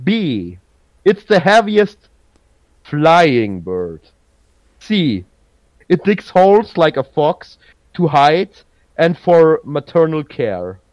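A man's voice: on the high side, very animated, slow pace, long pauses, no echo, dull audio. A man hosting a casual podcast quiz. He halts, restarts and searches for his words. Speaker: podcast host running a trivia quiz. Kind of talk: casual chat.

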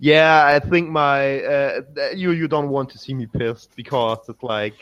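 A man from Germany with a German accent, chatting casually on a podcast, talking haltingly with frequent restarts. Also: medium pitch, fairly even intonation, a bit bright, smooth, dry recording, muffled recording. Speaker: podcast co-host. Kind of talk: casual chat.

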